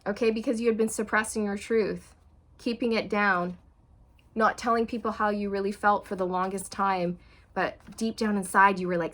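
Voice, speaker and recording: Chatty and expressive, a woman reads tarot for viewers through channeling. When emotional moments arrive she sinks into a soft, low voice, after acting out quoted feelings with sweeping swings.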